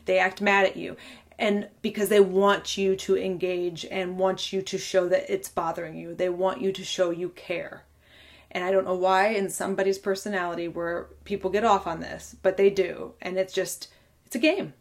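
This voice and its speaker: 30s woman talking straight into her podcast, gravelly fry in her voice, honest and earnest, keeps quoting people. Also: fairly low pitch, flat delivery, moderate pace. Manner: candid and earnest, often quoting others. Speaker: podcast host. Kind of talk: personal storytelling monologue.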